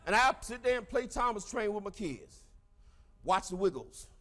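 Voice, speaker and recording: Fiery, high-pitched male motivational speaker. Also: very animated, normal speed. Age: middle-aged. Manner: fiery, preacherly, bursts into shouts. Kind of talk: motivational speech to a crowd.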